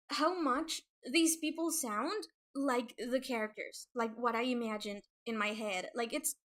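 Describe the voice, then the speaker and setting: Nervous giggly young woman streaming, slow. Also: sits high, fairly bright tone. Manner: nervous, giggly, halting with many fillers. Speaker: webcomic creator streaming. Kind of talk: casual livestream chat.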